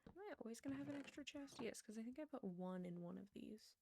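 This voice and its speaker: A woman's voice: on the high side, expressive, fast, vocal fry, background noise. A woman streamer chatting casually while she plays, rambling and laughing often. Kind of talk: casual chat while gaming. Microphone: wired earbuds with a headset mic.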